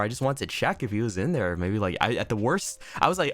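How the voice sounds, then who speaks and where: A young man telling a story in a casual vlog, laughing often, swearing freely and talking with animated energy. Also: medium pitch, brisk, hardly any pauses, dry recording. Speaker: vlogger. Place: inn room indoors.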